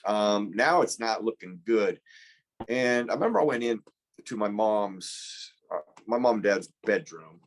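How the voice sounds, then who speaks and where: A man's voice: lowish voice, lively intonation, unhurried. A man in his fifties, a former pro football player, telling an earnest, reflective story as a podcast guest, often restarting his sentences.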